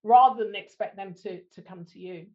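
A woman's voice: medium pitch, normal speed, highs cut off. A middle-aged woman hosting a podcast interview in a casual chat, dropping self-deprecating jokes and laughing often. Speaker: podcast host.

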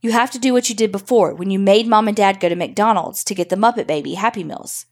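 A young boy pleads softly and insistently with his sister, as a woman reads him aloud. He sounds hushed and desperate in this spoken story, with a middling voice that never lets up. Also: medium pitch, fast talker, close to an everyday voice. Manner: soft, insistent begging.

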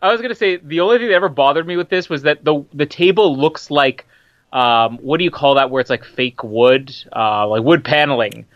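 A man's voice: fairly high pitch, a bit bright, no echo, lo-fi sound. An Australian man co-hosting a film commentary podcast, playful and casual, fond of quoting lines. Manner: playful, quick to quote lines and laugh. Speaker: podcast co-host.

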